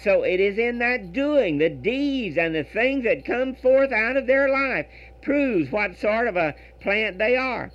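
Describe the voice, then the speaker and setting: A man preaching over a radio broadcast, earnest and reading scripture in a measured cadence. His fairly high voice rises and falls with animation. The recording sounds dull and lo-fi, like an old broadcast. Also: very animated. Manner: earnest, reads verse in measured rhythm, repeats words.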